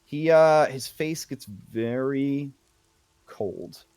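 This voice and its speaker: A man's voice: medium pitch, extremely slow, a little mellow, smooth, no room sound. Casual man running a tabletop game. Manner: casual, many fillers. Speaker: game master.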